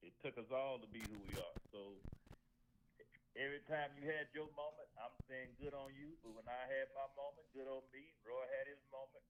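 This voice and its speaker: A man calling into a radio show, heard through a tinny, narrow phone line. His voice sits in an everyday middle range, and he makes his points in a reflective, measured way. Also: mid-range voice. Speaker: caller, former athlete. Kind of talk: phone call-in conversation.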